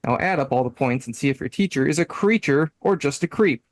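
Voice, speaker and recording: Animated man reading aloud on a podcast. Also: fairly high pitch, brisk, dry recording, low-quality recording. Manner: animated, reads aloud with playful emphasis and frequent laughs. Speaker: podcast co-host. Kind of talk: casual podcast chat, reading website text aloud.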